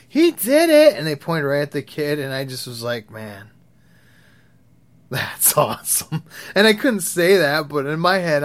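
A young man telling crude, rambling stories in a casual, profane way, laughing at his own tales. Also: on the high side. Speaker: vlogger. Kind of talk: profane storytelling rant.

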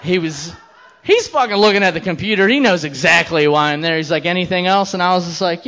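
A man's voice: sits high, a little fast, fairly bright tone, lo-fi sound, slight background noise. A man in his thirties doing a stand-up comedy set, telling a crude story with brash, profane delivery and quoted voices.

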